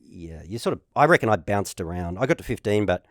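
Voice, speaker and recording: This fifty-something Australian, once a tennis player, has a lowish voice and talks fairly quickly; the studio recording is clean and echo-free. As a guest in casual conversation, he tells animated stories and plays out the quotes.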